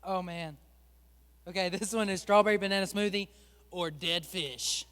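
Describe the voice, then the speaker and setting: A man with a high voice leads a lighthearted sermon from a church stage. He jokes and teases the people up front with him, in a chatty, upbeat way. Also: moderate pace, a bit bright, smooth, in a large hall. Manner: joking, chatty, teasing the volunteers. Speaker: pastor. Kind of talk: playful sermon with a stage game.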